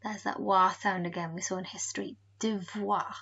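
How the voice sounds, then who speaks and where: A woman teacher giving a recorded home lesson, slowly modelling words for pupils to repeat. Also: fairly low pitch, little pitch movement, pushed and bright, dull audio. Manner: slow, careful modelling of pronunciation. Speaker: French teacher.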